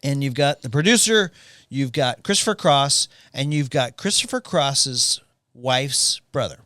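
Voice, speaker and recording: A man's voice: mid-range voice, measured pace. A man with a mid-range voice co-hosts a casual podcast, easygoing as he trades trivia and jokes. The sound is dry, with no room echo. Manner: relaxed, shares trivia and jokes. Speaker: podcast co-host.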